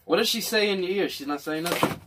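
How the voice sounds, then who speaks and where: A man's voice: sits high, fast talker, background noise. A man hosting a casual, crude, joking chat, laughing often and freestyle rapping.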